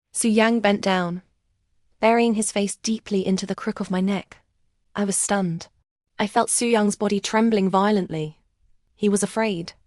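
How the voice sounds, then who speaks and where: A woman tells a first-person romance story in a calm, emotional narrating voice. Her pitch sits in the middle range for a woman. The recording is dry, with no room sound. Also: no echo.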